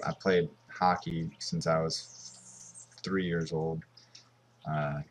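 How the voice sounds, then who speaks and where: Low husky man, slow and rambling. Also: little pitch movement. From Southern California. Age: 20s. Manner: rambling and offhand. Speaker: mobile game YouTuber. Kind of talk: casual gameplay commentary.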